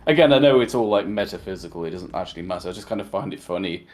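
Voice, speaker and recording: A man's voice: sits low, expressive, very fast, a little mellow. A man in casual chat, adding rambling asides full of fillers. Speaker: podcast co-host.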